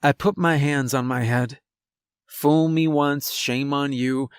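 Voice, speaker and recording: Male horror narrator, unhurried, tense first-person telling, dry booth sound. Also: medium pitch, fairly even intonation, clean tone, dry recording. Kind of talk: scripted horror story narration.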